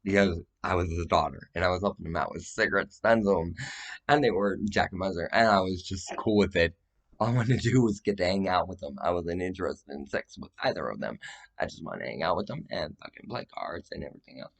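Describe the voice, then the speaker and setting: A man's voice: deep voice, quick pace. A man giving a rambling, profane, agitated monologue that jumps from claim to claim.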